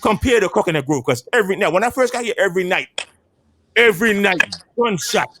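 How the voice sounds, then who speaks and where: A man from Antigua with a West Indian accent, telling animated stories in a casual podcast chat and often repeating himself. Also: high-pitched, fast talker, noisy background. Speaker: podcast panel guest.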